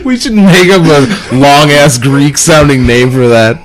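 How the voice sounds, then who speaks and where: A man's voice: a little high, measured pace. A man co-hosting a podcast in casual chat, joking around with lots of laughter and reading puzzles aloud. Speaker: podcast co-host.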